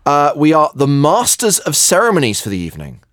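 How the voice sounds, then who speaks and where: A man's voice: fairly high pitch, huge pitch swings, a little fast, a bit bright, no echo. Dry-voiced man co-hosting a podcast. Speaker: podcast co-host. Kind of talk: casual chat.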